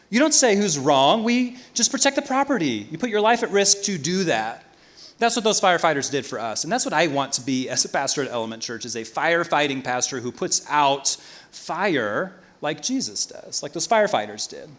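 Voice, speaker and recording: A man preaching a sermon as pastor in a church, swinging from loud emphasis to quiet asides. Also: fairly high pitch, very animated, a little fast.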